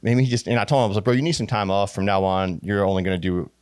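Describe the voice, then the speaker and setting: A man's voice: on the low side, clear, resonant tone, no echo, studio quality. An American man, a tattoo shop owner, telling stories in casual podcast chat and acting out quotes. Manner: fast, animated storytelling, acting out quotes. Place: podcast studio.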